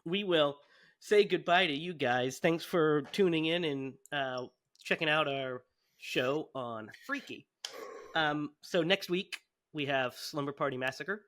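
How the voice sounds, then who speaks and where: Bright-voiced podcast co-host, a man. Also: fairly high pitch, measured pace. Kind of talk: casual chat.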